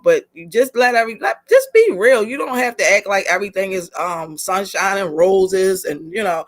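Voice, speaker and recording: A woman's voice: medium pitch, expressive, normal speed, few pauses. Candid woman hosting a video call. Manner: candid, chatty, talks straight to the group. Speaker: host leading a leadership session. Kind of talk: casual presentation on a video call.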